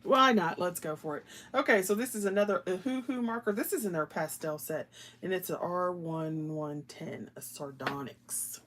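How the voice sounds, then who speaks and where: A woman's voice: on the low side, normal speed, fairly bright tone, a little hiss or hum. A woman hosting a live stream, chatting casually with viewers as she colors, laughing often and slipping into whispers while she works. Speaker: livestream host.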